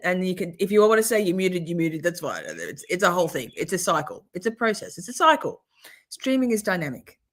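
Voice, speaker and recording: Aussie woman rambling on a livestream, kinda low voice, just chatting away. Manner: chatty, rambling, reacting to trial footage. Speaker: livestream host. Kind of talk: casual live commentary.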